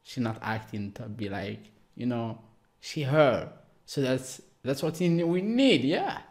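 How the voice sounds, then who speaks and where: Excitable man reacting, lively pitch. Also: slow, background noise. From Algeria. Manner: excitable, exclamatory, broken English. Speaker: reaction video host.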